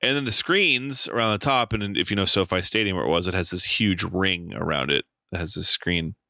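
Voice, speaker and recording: Man, podcast co-host, animated storytelling, casual swearing, dry close sound. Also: low voice, a little fast, gravelly, no echo. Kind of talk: casual chat.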